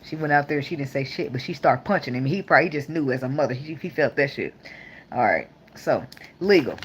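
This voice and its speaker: Young woman tarot reader, low voice, blunt and profane, with a faint hum behind her. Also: lively intonation, brisk. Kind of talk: casual tarot reading.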